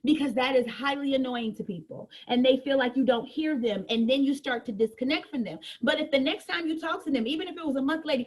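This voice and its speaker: Woman sales trainer with a high voice. Animated and colloquial, acting out customer calls. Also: fast, few pauses. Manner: animated, acts out customer conversations; colloquial, talks straight to the audience. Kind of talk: lively sales training talk.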